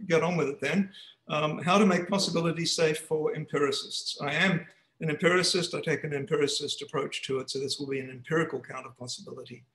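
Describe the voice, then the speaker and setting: A man's voice: a little high, fairly bright tone, reverberant, low-quality recording. Hesitant man giving an online seminar talk. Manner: hesitant, with frequent restarts. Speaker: guest speaker. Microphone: computer mic on a video call.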